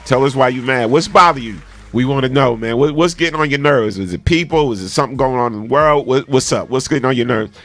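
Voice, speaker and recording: A man's voice: medium pitch, fast, few pauses, fairly bright tone, no echo. A man hosting a casual radio talk show, energetically hyping up listeners.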